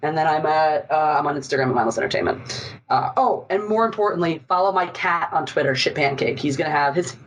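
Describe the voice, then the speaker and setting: A woman's voice: deep voice, expressive, fairly quick, poor audio. A woman from Philadelphia, a guest on a podcast, chatting casually with a jokey, self-deprecating manner.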